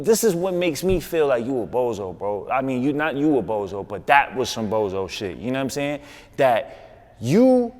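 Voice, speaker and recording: A man with a New York accent, a guest on a podcast, telling a story in an insistent, animated way with street slang. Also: fairly high pitch, in a large hall. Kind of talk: casual podcast interview.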